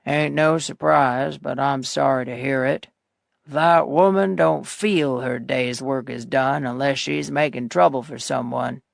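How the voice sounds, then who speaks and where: A woman reading an audiobook, voicing a friendly male cattle rancher with a Texan accent, folksy and slow-drawling. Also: extremely low pitch, steady tone, vocal fry, no room sound, clean studio sound, pitched below the performer's own voice, heavily acted. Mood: easygoing. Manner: folksy, drawling, laid-back.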